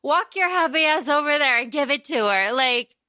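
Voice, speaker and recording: A woman's voice: sits high, moderate pace, dry recording, studio quality. A young woman co-hosting a podcast, chatting casually and animatedly about a movie, acting out lines from it. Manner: animated, laughing, acts out quotes. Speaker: podcast co-host. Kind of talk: casual chat recapping a movie.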